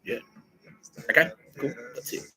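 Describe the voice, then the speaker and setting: A man's voice: on the low side, expressive, brisk, sharp tone, faint music behind, low-quality recording. An Australian man hosting a podcast in a profane comedic rant, swearing, laughing and putting on mocking voices. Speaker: podcast host.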